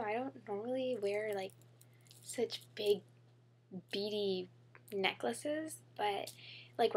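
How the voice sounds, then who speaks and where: A bubbly young woman chats to her camera about her shopping, her fairly high voice catching into a gravelly fry. She talks casually, full of fillers and gushing, recorded in a room at home with a faint hum behind her. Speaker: beauty vlogger. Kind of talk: casual haul vlog.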